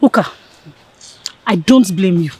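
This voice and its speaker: A woman's voice: mid-range voice, expressive, a little slow, a little mellow, breathy edge, no room sound. An actress playing a spiteful, scheming young village woman who talks with scorn and insults. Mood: scornful. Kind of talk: Nollywood film acting.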